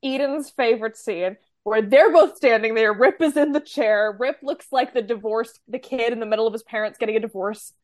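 A woman's voice: a little high, moderate pace, few pauses, darkish tone, dry recording. A woman co-hosting a podcast, chatting casually about a TV episode with dry, wry asides. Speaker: podcast co-host. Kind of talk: casual chat recapping a TV episode.

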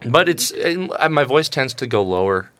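A man's voice: mid-range voice, very animated, moderate pace, a bit bright, no room sound. A young man co-hosting a podcast, chatting casually and self-deprecatingly, often slipping into mock voices. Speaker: podcast co-host. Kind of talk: casual chat.

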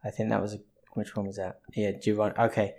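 A man co-hosting a casual podcast chat, playful and animated in his banter. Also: lowish voice, fast talker, creaky. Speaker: podcast co-host.

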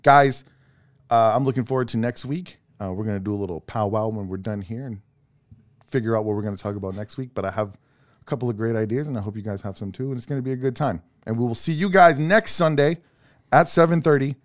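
A man's voice: medium pitch, fast talker. A middle-aged man hosting a casual podcast, joking and laughing as he reads out call-in numbers and thanks sponsors. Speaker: podcast host.

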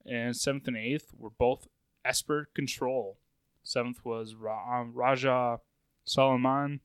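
A man's voice: medium pitch, steady tone, slow pace, smooth, dry recording. A man co-hosting a podcast, running steadily through tournament results in a casual way, his voice wearing out. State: voice going out. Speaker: podcast co-host. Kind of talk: casual chat, reading results.

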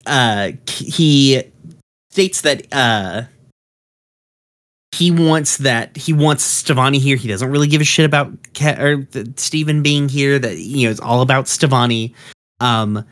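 A man's voice: mid-range voice, slow pace, pauses often, fairly bright tone. A man casually recapping a cartoon episode, rambling with many fillers and curse words. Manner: rambling, full of ums and uhs, profane.

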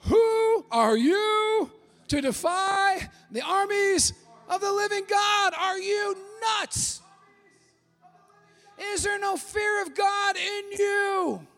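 A man putting on a fierce young David, shouting high. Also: in a large hall, faint music behind, heavily acted. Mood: defiant. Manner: shouting, slow and emphatic. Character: young male warrior David, fierce and defiant.

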